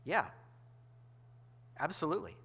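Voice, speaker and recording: A man's voice: fairly high pitch, sing-song, measured pace, bright, forceful tone, slightly rough. A male pastor delivering a sermon in a conversational, emphatic way, often restarting his phrases.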